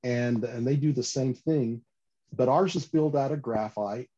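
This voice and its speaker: A man telling stories about fishing rods in a casual interview, animated and full of restarts and "you know". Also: medium pitch, measured pace. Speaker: fishing gear company guest. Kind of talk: casual podcast interview storytelling. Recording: slightly dull lo-fi audio.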